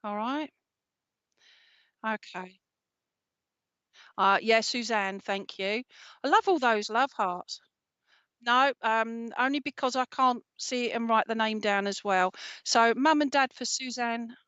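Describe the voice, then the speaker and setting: Gentle woman giving a reading. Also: fairly high pitch, takes it slowly, long pauses, smooth, dry recording, highs cut off. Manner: gentle and reassuring, with frequent checking "okay?" tags. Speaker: psychic medium. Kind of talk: live mediumship reading.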